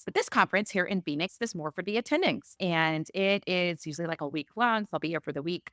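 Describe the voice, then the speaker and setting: A woman in her thirties, a podcast co-host, chatting casually and acting out both sides of a story with lively voices. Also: on the low side, no echo, studio quality. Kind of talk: casual chat.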